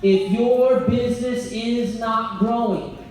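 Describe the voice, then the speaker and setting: A man giving a blunt, energetic motivational talk as a business coach before a live audience, joking and laughing as he goes. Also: very high-pitched, slow pace, a little hiss or hum. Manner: blunt, energetic, jokey, often laughing mid-sentence. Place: event venue before an audience. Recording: very echoey hall, voice picked up from far off.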